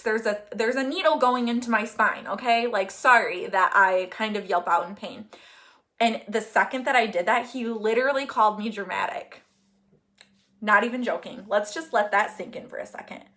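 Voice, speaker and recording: A woman's voice: mid-range voice, fairly bright tone. A young woman talking casually on a live stream, telling a long personal story with lots of fillers and asides to viewers. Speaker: host of a live Q&A.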